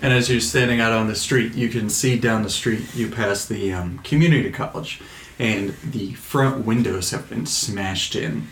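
A man's voice: lowish voice, normal speed, a little hiss or hum. A man running a tabletop game as game master, setting scenes in a casual, loose way with fillers. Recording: echoey room, mic at a distance.

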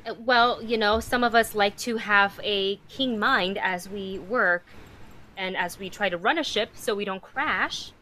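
A woman's voice: medium pitch, a little slow, pushed and bright, slight background noise. A woman player speaking in character during a tabletop game, polite but firm.

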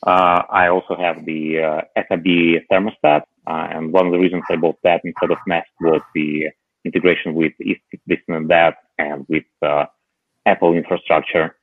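A man's voice: low voice, little pitch movement, normal speed, no room sound. A man chatting casually about tech gadgets as a podcast co-host, hesitant and full of filler sounds, heard over a remote call. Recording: muffled phone-like line.

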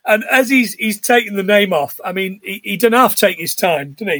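Man, high-pitched, dry close mic, casual podcast chat, playful. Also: expressive, moderate pace, sharp tone, no room sound. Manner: chatty, acts out film lines in put-on voices. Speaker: podcast co-host. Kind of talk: casual chat recapping a film.

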